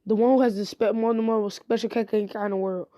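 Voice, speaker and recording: A woman's voice: fairly high pitch, steady tone, fairly quick, warm tone, dry recording, natural voice. A woman voicing a brash teenage boy ninja who blurts out secrets casually, on a dull lo-fi recording. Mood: boastful.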